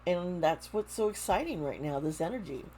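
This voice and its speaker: A woman giving a casual tarot reading to camera, talking slowly, with frequent restarts and fillers. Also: fairly low pitch, expressive, warm tone, slight background noise. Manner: slow, halting, with many restarts and fillers. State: close to tears. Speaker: tarot reader.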